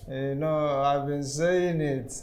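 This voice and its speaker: A man with a Nigerian accent playing a sly, menacing middle-aged man who coaxes slowly. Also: fairly high pitch, steady tone, a little mellow. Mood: coaxing. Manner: slow, coaxing, chuckling.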